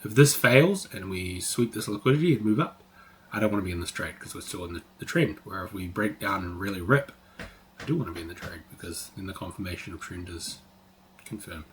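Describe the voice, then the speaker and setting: A man's voice: deep voice, a little fast, fairly bright tone. A man teaching trading on a live stream, talking casually, swearing freely and saying "like" a lot. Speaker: trading educator.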